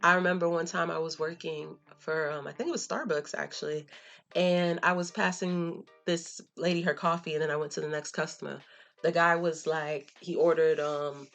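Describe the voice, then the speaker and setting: Low-voiced woman chatting in slang. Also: fairly even intonation, moderate pace, gravelly, a bit bright, faint music behind. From Florida, USA. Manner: conversational and storytelling, drops in slang and fillers. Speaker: vlogger. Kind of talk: casual talk to camera.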